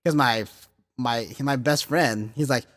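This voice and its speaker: Unhurried and mid-range, the voice of a podcast host in his thirties echoes as if in a large hall. He tells loose, profane stories, animated and laughing, with heavy use of filler words.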